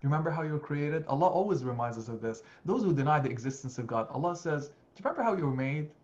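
A man, an imam, giving a Sunday lecture on scripture in an earnest, animated way, often restarting his phrases. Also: fairly high pitch, quick pace, lo-fi sound. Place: mosque community hall.

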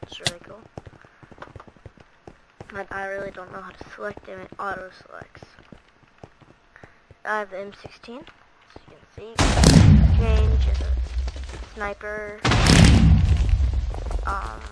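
A woman giving casual commentary while playing a shooting game, excitable and prone to sudden yelps and shrieks. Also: medium pitch, takes it slowly, pauses often, very noisy. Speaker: gameplay video host. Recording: loud game gunfire over voice. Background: game gunshots and clicks.

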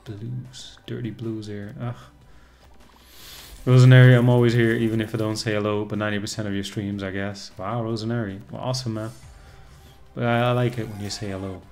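A man's voice: on the low side, fairly even intonation, brisk, darkish tone, soft background music. A man streaming casually, chatting with viewers and reacting to the game as it plays. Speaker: casino streamer. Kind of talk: casual live-stream commentary.

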